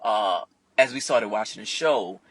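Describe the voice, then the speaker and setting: A man vlogging from inside a car, telling a candid, profane personal story with animated delivery. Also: lowish voice, a little slow, breathy edge. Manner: animated and profane, acts out other people's voices.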